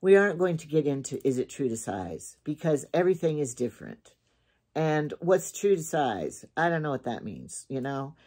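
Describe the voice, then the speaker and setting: A woman's voice: low-pitched, big pitch swings, moderate pace, warm tone, slightly rough. An older woman in casual, rambling chat, talking through a shopping haul as she goes. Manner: chatty, rambling, thinks aloud and repeats herself. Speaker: shopping vlogger.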